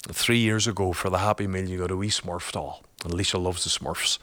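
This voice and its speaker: A man's voice: low-pitched, steady tone, fairly quick, fairly bright tone. A man, a guest and father, telling a personal story in a chatty, colloquial way, laughing often.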